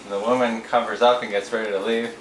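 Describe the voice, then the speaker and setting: Low-voiced man telling jokes in an echoey room. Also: fast talker. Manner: relaxed storyteller, acts out voices in quotes. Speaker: joke teller. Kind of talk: casual joke telling. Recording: echoey room with faint noise.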